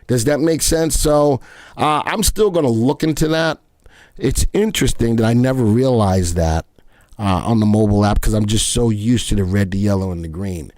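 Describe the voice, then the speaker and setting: A man's voice: on the low side, moderate pace, darkish tone, no echo. A man hosting a live stream, chatting with viewers in a playful way and often stammering and repeating himself. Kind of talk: casual live market chat.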